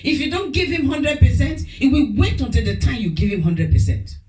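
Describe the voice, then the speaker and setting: A woman pastor preaching a lively sermon, laughing often and breaking into mock speaking in tongues. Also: sits high, a little fast. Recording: echoey room, voice from a distance.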